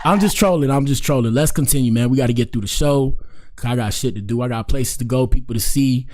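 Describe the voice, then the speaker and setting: A man's voice: mid-range voice, fairly even intonation, fast talker, warm tone. An American man hosting his show, riffing in casual, slangy, rambling commentary with chuckling asides. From United States. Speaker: show host.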